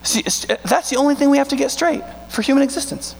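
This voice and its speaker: A male pastor with a high, gravelly voice delivers a sermon, pressing points home with rhetorical questions and words drawn out for weight. His voice rings with long reverb in a large church sanctuary. A faint electrical hum sits under the recording. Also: animated. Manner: emphatic, rhetorical questions, slow stressed words.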